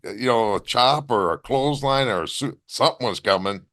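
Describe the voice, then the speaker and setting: A man, a former wrestler as interview guest, telling animated stories with blunt profanity. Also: mid-range voice, brisk. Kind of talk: casual storytelling interview.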